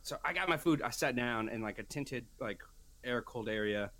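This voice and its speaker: Animated man telling a story in casual chat. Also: mid-range voice, moderate pace. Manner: animated storyteller, acts out quoted voices. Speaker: podcast co-host.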